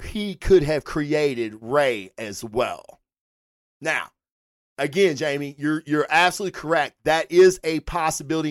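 Lively, swearing fan-show host. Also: medium pitch, no room sound, clean studio sound. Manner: animated, rambling, swears freely. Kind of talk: casual livestream talk answering chat.

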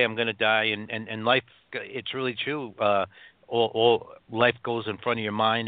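A man from upstate New York telling his own story as a guest, halting, with many restarts and fillers, over a phone line. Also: on the low side, dry recording. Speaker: guest author.

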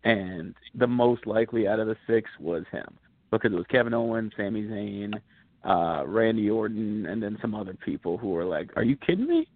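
A man's voice: on the low side, moderate pace. A man co-hosting a wrestling podcast, chatting casually in a laid-back way and drawing out some words. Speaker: podcast co-host. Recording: dry phone-like line.

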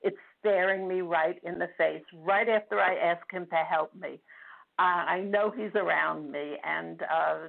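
An older woman calling in to a radio show, speaking emotionally with halting restarts, heard over the phone. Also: lowish voice, creaky. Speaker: caller. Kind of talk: phone-in call. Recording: tinny phone line.

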